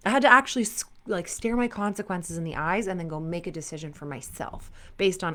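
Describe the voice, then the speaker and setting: A woman in her thirties, a performance coach talking candidly to sport parents and telling personal stories with lively quoted asides. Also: on the low side, brisk, few pauses.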